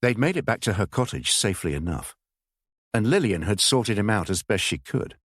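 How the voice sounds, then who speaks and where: Low-voiced man narrating a thriller audiobook. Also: slightly rough, dry recording, clean studio sound. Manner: measured, expressive storytelling.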